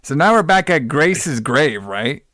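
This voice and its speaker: A man's voice: fairly high pitch, very animated, a little slow, a bit bright, no room sound, clean studio sound. A man hosting a podcast, recapping a film in a casual, rambling way, full of swearing and wrestling-fan slang. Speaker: podcast host.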